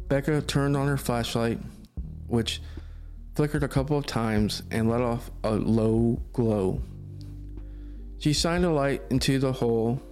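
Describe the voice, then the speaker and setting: Male storyteller, mid pitch, steady reading, soft music bed. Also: measured pace, long pauses. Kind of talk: podcast story narration.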